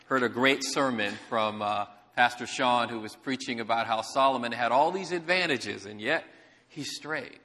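A man preaching as a guest pastor, telling a story with animated delivery and calling to the congregation. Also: medium pitch, long reverb tail. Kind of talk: sermon. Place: church sanctuary.

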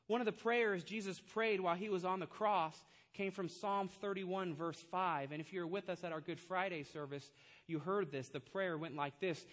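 A pastor preaching a sermon, telling a story and acting out the voices of the people in it, building to loud, emphatic points. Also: male voice, high voice.

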